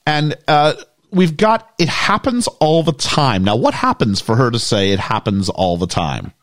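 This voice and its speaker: Casual British male host, rambling and jokey, animated delivery, dry close sound. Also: medium pitch, unhurried, no room sound. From United Kingdom. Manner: rambling, jokey, many fillers. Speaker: podcast host. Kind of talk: casual movie discussion.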